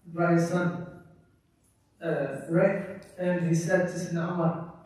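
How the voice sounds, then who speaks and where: A man's voice: on the high side, level tone, measured pace, darkish tone. A man teaching a religious class, repeating points and often checking with "right?". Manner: repetitive, keeps asking "right?". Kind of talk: classroom lecture. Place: mosque hall. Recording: echoey room, distant mic.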